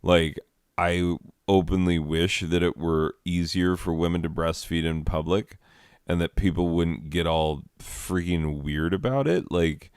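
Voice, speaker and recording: A man's voice: low voice, measured pace, a little mellow, smooth, no echo, studio quality. A man giving rambling, exasperated comedic commentary on slides, full of "like" fillers.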